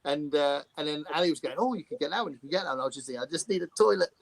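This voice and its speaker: A man with an English accent hosting a casual video-call chat, telling lively stories and chuckling as he goes. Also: a little high, racing, gravelly, no room sound. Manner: animated storyteller, chuckles often.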